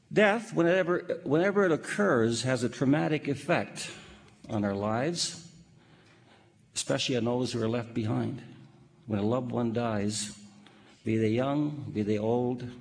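A man preaching a sermon in a measured, emphatic way, posing rhetorical questions and reading scripture. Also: mid-range voice, creaky, big-room sound.

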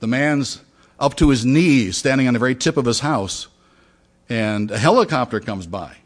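A man's voice: mid-range voice, moderate pace. A male pastor giving a conversational sermon to his congregation, asking questions and retelling a parable. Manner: conversational, with fillers and restarts.

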